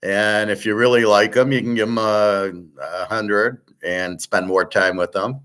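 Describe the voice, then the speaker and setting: A man's voice: lowish voice, steady tone, measured pace, fairly bright tone, clean tone. A man hosting a show, talking in a blunt, rambling way, with frequent restarts and swearing. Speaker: host. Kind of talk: casual rambling chat.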